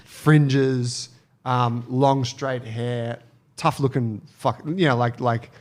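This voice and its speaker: An Australian man tells a story on a casual podcast. He swears freely and jumps into the voices of the people in his tale. His pitch sits in the middle range for a man. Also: slow pace. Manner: animated storyteller, swears freely, acts out quotes. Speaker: podcast co-host telling a story.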